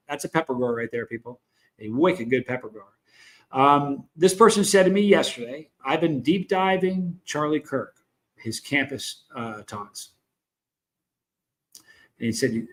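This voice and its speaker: Middle-aged Southern man, livestream host, slightly high voice, blunt and rambling, calls out chat names. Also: animated, moderate pace. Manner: rambling, frank, greets viewers in chat.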